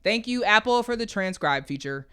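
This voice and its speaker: Bright-voiced playful woman podcast co-host. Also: medium pitch, expressive, normal speed, smooth. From Kansas City, Missouri. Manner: playful, teasing, laughs often. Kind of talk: casual chat.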